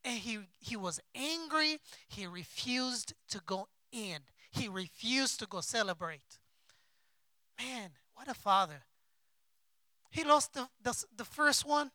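A man preaching a sermon as a pastor, with impassioned delivery and big swings between soft and loud. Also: extremely high pitch, expressive, slow, no room sound. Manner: acts out quoted figures in his own voice. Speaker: pastor and missionary.

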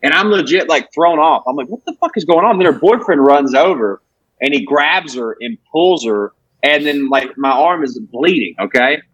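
Husky comedian, dry close sound. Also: male voice, on the high side, moderate pace, no room sound, muffled recording. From Alabama, USA. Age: 20s. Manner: animated, profane storytelling with acted-out quotes. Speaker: comedian guest. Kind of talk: casual podcast chat.

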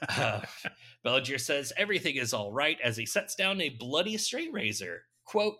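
A man recaps a film in loose podcast chat. His voice is bright and forward. He laughs often and keeps dropping dry jokes. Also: medium pitch. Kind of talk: casual chat.

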